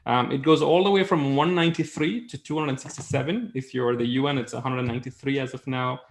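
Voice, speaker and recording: A man's voice: medium pitch, fairly even intonation, fairly quick, creaky. A man presenting a webinar in a conversational way, with fillers and rhetorical questions.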